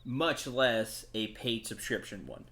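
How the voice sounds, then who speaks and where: Male game streamer, unhurried, casual chat, easy laughter. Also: medium pitch. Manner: relaxed and chatty, laughing often.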